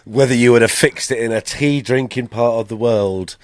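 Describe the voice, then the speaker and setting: British male co-host, mid-pitched, playful and musing. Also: moderate pace, dry recording, studio quality. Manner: playful, guessing aloud. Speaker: podcast co-host. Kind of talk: casual podcast banter.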